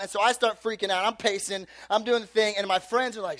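Animated male storyteller with a high voice, loose and filler-heavy, acting out the people he quotes in a sermon. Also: normal speed, hardly any pauses, dry recording.

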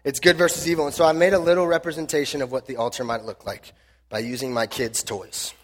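A man preaching a sermon and telling the story in an animated, joking way. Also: medium pitch, fast talker, long reverb tail. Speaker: pastor.

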